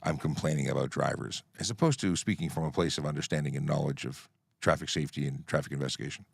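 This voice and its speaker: Hosting a livestream Q&A, this middle-aged traffic officer speaks in an extremely low, slightly rough voice with vocal fry, talking fast. He's firm and plain-spoken, explaining the rules while scrolling comments, in studio-quality audio with no room sound.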